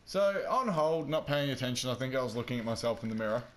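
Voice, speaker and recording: A man's voice: medium pitch, animated, quick pace, fairly bright tone. A man telling a rambling, self-deprecating story in casual chat while he plays a game. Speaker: gaming vlogger.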